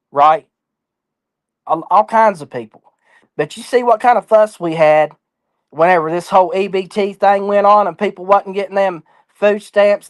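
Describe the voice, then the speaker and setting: A man's voice: sits high, no echo. A man talking as an interview guest in a casual chat, blunt, defiant and full of swearing.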